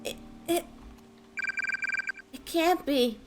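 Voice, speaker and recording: Frightened young hero's twin, read by a woman: high, unhurried, earnest, over loud game music. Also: exaggerated voice, poor audio. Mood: grieving. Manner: earnest, dramatic reading of game text.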